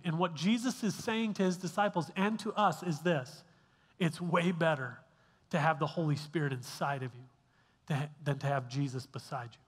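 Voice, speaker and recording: A man's voice: on the high side, moderate pace, husky, long reverb tail. A male pastor giving a sermon in a casual, conversational way, often restarting phrases and checking in with the congregation. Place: church sanctuary.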